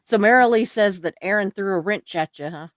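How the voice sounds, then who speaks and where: A chatty Southern woman hosts a relaxed livestream. She laughs often as she reads out viewer comments. Her voice sits at an average pitch and is recorded dry and close. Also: a little fast, dry recording. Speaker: livestream host. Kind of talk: casual chat reading viewer comments.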